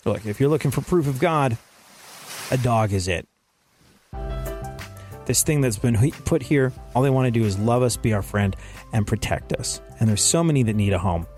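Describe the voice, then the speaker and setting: A man hosting a talk show, giving an animated, sarcastic and preachy comedic monologue. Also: mid-range voice, normal speed, long pauses, soft background music. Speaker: show host.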